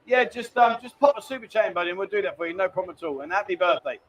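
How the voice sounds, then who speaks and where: Chatty man, high voice. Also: expressive, very fast, slight background noise. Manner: chatty, reads viewer messages aloud, calls people mate. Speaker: livestream host. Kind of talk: casual live-stream chat. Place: lounge bar.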